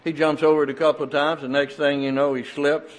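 Older man, preacher, fairly high voice, folksy sermon storytelling, emphatic. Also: flat delivery, fast.

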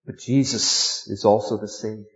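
A man preaching a sermon, earnest, dropping to a hush and then rising to emphatic stress. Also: fairly low pitch, steady tone, normal speed, reverberant, highs cut off. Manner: earnest, with sudden swings between hushed and emphatic.

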